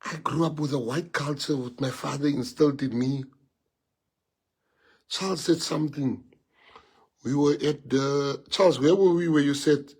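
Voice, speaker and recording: A man's voice: medium pitch, normal speed, darkish tone, husky. A South African man whose first language is Afrikaans, giving an emotional, rambling livestream address to party members and piling up rhetorical questions.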